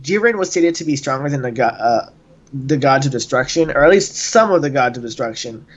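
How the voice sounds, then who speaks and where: A man's voice: mid-range voice, lively intonation, brisk. Laid-back man with a dull sound. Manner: agreeable, laughs often, hesitant fillers. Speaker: guest. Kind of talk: casual discussion.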